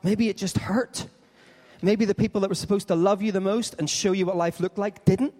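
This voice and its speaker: A man's voice: sits high, fairly quick. Man preaching in a reverberant hall. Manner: animated storyteller, acts out dialogue. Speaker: pastor. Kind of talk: Easter sermon with storytelling.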